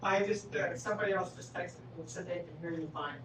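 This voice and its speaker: A man's voice: high voice, quick pace. A man in the audience of a town hall meeting, passing on messages with offhand, teasing remarks. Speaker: audience member relaying online messages. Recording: echoey room, distant mic, background noise.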